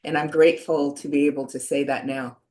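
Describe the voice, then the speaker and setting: A woman in her sixties on a video call, telling a personal story in an earnest, halting way, often pausing on "you know.". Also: low voice, fairly even intonation, a little mellow. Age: 60s. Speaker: panelist sharing a personal story.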